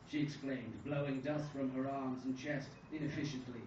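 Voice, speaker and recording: A young man reads his own absurd comic short story aloud in a coffee house, in a deadpan, dry manner. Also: medium pitch, normal speed. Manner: deadpan, dryly absurd delivery. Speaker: student reader. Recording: echoey room from far off, dull and noisy. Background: café room ambience.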